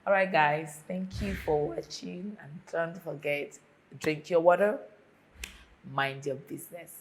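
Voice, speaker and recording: A young woman with a Nigerian accent talking earnestly and warmly to her viewers in a casual vlog. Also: low voice, slow, poor audio. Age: young adult. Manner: earnest and warm toward viewers, heartfelt. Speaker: vlogger.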